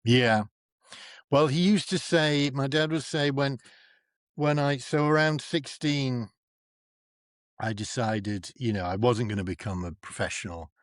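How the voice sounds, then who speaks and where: A man from North East England tells stories in a lively, animated way, jumping up in pitch whenever he mimics someone. His voice sits at an ordinary middle pitch and is recorded dry and close with no room sound. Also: a little slow, no room sound. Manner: animated storyteller who acts out quoted people with big pitch jumps. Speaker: guest, comedian and actor. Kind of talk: casual chat.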